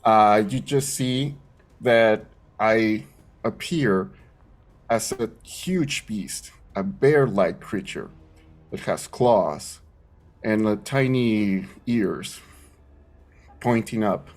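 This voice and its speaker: A man playing a tabletop game, describing his character's actions, excitable and given to swearing. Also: fairly low pitch, very slow, faint music behind. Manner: excitable, swearing, gets emotional. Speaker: player.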